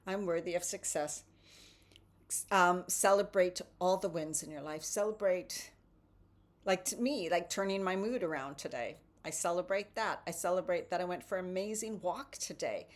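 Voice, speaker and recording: A woman's voice: fairly low pitch, normal speed. A woman hosting a casual motivational morning talk and reading tarot cards, chatty and often adding "right?".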